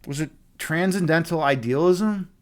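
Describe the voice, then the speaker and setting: A man hosting a livestream in casual chat, excitable and swearing often, repeating his phrases as he talks. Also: fairly high pitch, normal speed. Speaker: livestream host.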